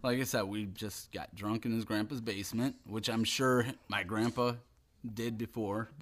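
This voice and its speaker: A musician from Ohio chatting casually on a podcast, swearing freely and joking loudly. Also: male voice, on the low side, fairly even intonation, moderate pace. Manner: profane, loud and jokey. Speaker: musician guest.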